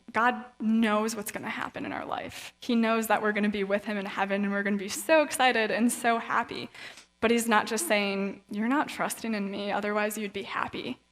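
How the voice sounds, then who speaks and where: A woman guest speaker giving a conversational sermon with Bible readings, chatty and casual, now and then acting out the voices of people in the story. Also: mid-range voice. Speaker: guest speaker at a young adult event. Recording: reverberant hall sound.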